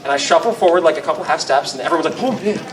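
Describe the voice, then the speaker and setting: A man on a convention panel, telling a funny role-play story in a casual, animated way. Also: racing, reverberant, recorded from a distance, background noise. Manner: animated, laughing, squeaky voice bursts.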